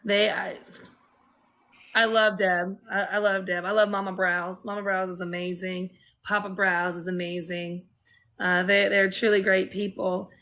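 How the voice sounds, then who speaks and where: A woman hosting a casual chat, playful and quick to joke along with her guest. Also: mid-range voice, flat delivery, bright, forceful tone. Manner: playful, jokes and laughs along. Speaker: host.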